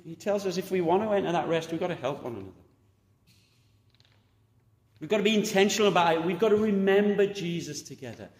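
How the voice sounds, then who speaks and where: A man preaching a sermon, exhorting and animated, rising loud and dropping quiet. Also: sits high, racing, echoey room, in a large hall.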